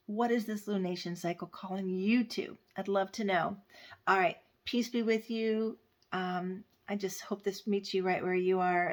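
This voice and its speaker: A woman giving gentle, heartfelt spiritual advice to camera, talking freely from the heart and trailing off softly at the ends of phrases. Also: medium pitch. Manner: gentle, heartfelt, meandering with fillers and soft trailing endings. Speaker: astrologer and spiritual guide. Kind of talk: unscripted spiritual talk to camera.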